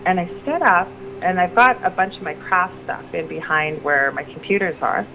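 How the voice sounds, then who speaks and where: A woman's voice: on the low side, moderate pace, vocal fry. A middle-aged woman telling a personal story as a radio guest, rambling and restarting her sentences. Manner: rambling, restarts sentences, animated when quoting others. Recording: lo-fi with noticeable background noise.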